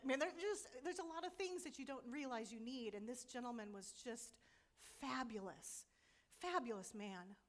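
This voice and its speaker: A middle-aged woman giving a personal testimony at a church conference, telling her story candidly with frequent laughs. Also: on the high side. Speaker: conference speaker.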